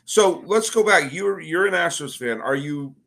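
A man with a gravelly voice hosts a casual podcast chat. He teases in a wry, sarcastic tone and drifts into rambling asides. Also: fairly high pitch, expressive, moderate pace, bright, forceful tone. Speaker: podcast host. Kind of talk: casual conversational interview.

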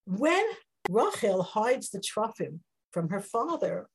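A woman teaching a Torah class in a lively way, acting out the dialogue with big jumps in pitch. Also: slow pace, slight background noise, poor audio.

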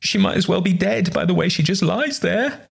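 A man's voice: high voice, animated, moderate pace, creaky, husky, voice pushed up, full character voice. A man voicing a terrified young female servant who stammers and wails. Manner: stammering, wailing.

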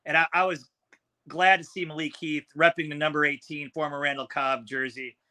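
A man co-hosts a casual sports podcast, breaking down a game in a blunt, frustrated way. His voice is bright and sits a little high. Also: flat delivery, normal speed. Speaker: podcast co-host.

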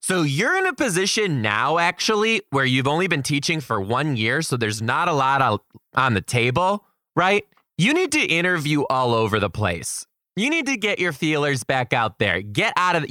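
A man's voice: mid-range voice, no room sound, clean studio sound. A young adult man, a teacher, telling a story and giving emphatic career advice. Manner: animated, emphatic, quotes people dramatically.

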